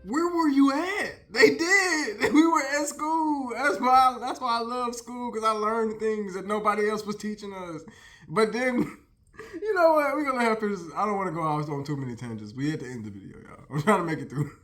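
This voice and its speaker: Dude in his 30s going off on a clip, cussing a lot, high sharp voice. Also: expressive, normal speed. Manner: heated, swearing, laughing asides, slangy. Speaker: commentary host. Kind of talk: profane reaction commentary.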